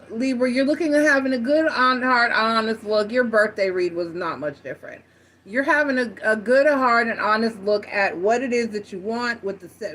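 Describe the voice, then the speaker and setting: A woman's voice: mid-range voice, fairly bright tone. A woman giving a casual tarot reading, talking frankly and directly to her viewers, with slang and the odd swear. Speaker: tarot reader.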